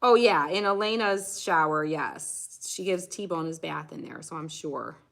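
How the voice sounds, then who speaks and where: This woman's voice is low and gravelly yet a bit bright, moving at a measured pace. Painting on a craft livestream in her home craft room, she chats casually, giggling, talking a lot, and dropping "y'all" frequently.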